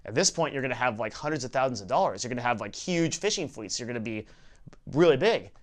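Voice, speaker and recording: A man's voice: medium pitch, lively intonation, fast talker, natural voice. A man doing a brash, persuasive rich businessman. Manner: salesy, eager, persuasive.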